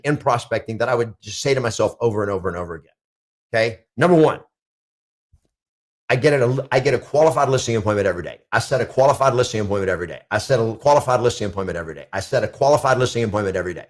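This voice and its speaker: A man's voice: mid-range voice, fast talker. A middle-aged man coaching real estate agents in an emphatic motivational talk, repeating declarations with rising intensity.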